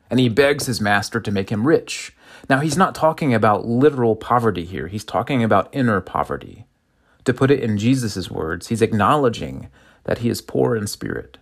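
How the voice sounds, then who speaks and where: A man preaching a reflective sermon, reading scripture and a parable and asking listeners questions. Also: mid-range voice. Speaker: pastor.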